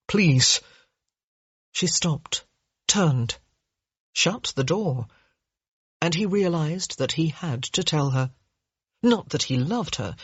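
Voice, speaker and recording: A woman narrates an audiobook at a measured, steady pace. Her voice is lowish and slightly husky. The recording is dull and dry, with no room sound. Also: no echo.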